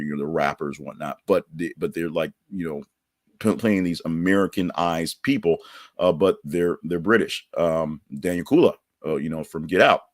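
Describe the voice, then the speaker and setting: A man's voice: sits low, no room sound, clean studio sound. A man hosting a podcast, chatting loosely through news stories and an ad read with many fillers and restarts. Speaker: podcast host. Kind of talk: casual news chat with ad reads.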